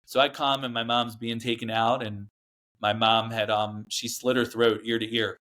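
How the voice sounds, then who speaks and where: An earnest man speaking as a guest on a podcast, with a voice of middling pitch. He rambles through a personal story with frequent fillers and restarts. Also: level tone, normal speed, fairly bright tone. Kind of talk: casual storytelling interview.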